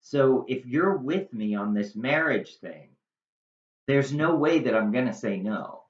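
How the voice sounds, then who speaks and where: A male teacher explains a monologue line by line, turning it into plain, casual modern talk. He speaks slowly and at an even middle pitch. The recording sounds dull and lo-fi, with a roomy echo around his voice. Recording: echoey room, dull lo-fi sound.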